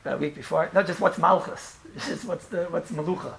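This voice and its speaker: Fast-talking man a gravelly voice. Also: on the high side, a little hiss or hum, rough recording. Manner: animated, repeats himself, frequent "right?" and restarts. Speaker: storyteller recalling a rabbi. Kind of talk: casual storytelling chat.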